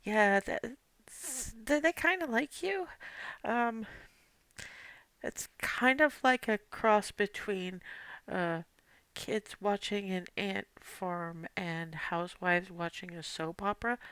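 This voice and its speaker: A woman voicing a small wry fairy who speaks quietly, confiding in a tabletop game. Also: medium pitch, slow pace, clean tone, no room sound.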